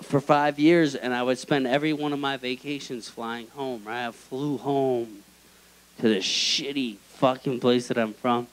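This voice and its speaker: A man's voice: medium pitch, poor audio. A young man doing a stand-up comedy set in a small club, telling a story with lots of energy. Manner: animated storytelling with acted quotes.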